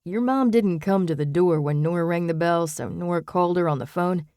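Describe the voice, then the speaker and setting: A woman reading an audiobook voices a steady male police officer who speaks in a soothing, patient, measured way. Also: fairly low pitch, smooth, no room sound, clean studio sound, natural voice. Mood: calm.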